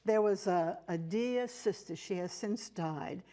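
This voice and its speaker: A woman's voice: medium pitch, measured pace. An older woman with an American accent, telling stories as a TV interview guest, with fillers and restarts. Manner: warm storytelling with fillers and restarts. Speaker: interview guest, nun and teacher. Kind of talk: casual interview talk. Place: TV studio.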